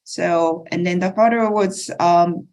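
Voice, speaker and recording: Slow, measured woman. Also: lowish voice, fairly even intonation, a little mellow. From Okinawa, Japan. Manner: slow, thoughtful, measured explaining. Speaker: guest speaker. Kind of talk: podcast panel discussion.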